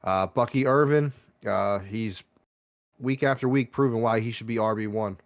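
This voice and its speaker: A man's voice: on the low side, normal speed, no room sound, studio quality. A man co-hosting a casual sports betting chat, laid-back, reasoning step by step with many fillers. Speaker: podcast co-host.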